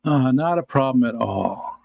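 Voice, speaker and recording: A man's voice: medium pitch, lively intonation, measured pace, creaky, a little mellow, dry recording. A middle-aged man hosting a livestream, rambling casually to his viewers and chuckling often as he answers comments. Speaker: livestream host.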